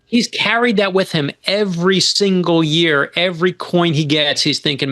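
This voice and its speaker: A man in his forties, a guest author, telling stories in an animated, emphatic way in casual podcast talk. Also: high-pitched, normal speed.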